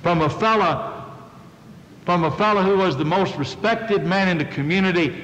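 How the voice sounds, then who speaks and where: A man's voice: high-pitched, normal speed, highs cut off, background noise. A male preacher, giving a folksy sermon and questioning his listeners. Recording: long reverb of a hall.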